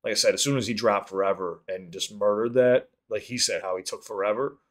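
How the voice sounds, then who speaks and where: A man hosting a music reaction video, talking casually in an excitable, rambling way and swearing freely. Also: on the low side, brisk.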